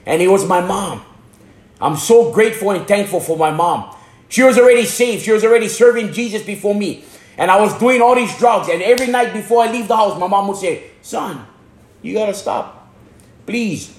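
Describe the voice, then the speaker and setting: A man from Hawaii with a very high voice gives a fervent religious testimony, repeating phrases and tripping over his words. He sounds like a preacher. The room around him is echoey. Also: brisk. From Hana, Maui, Hawaii.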